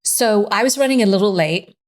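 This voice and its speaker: This woman, a podcast guest with a mid-range voice, speaks a little fast as she tells stories in casual conversation. An animated storyteller, she acts out the voices of the people she quotes.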